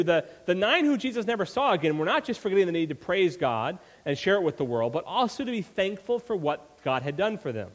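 A man preaching a sermon as pastor, driving his points home with repeated rhetorical questions. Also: on the high side. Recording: long reverb from a hall.

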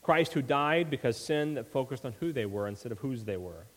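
A man's voice: medium pitch, lively intonation, brisk. Preaching man in an echoing sanctuary. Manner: builds emphasis with repeated rhetorical questions. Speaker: pastor. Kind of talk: sermon. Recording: long reverb from a hall.

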